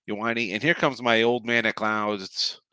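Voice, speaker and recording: An older man hosting a sports betting podcast, ranting sarcastically and gruffly before running through his daily picks. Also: fairly low pitch, fairly even intonation, measured pace, bright, forceful tone, no room sound.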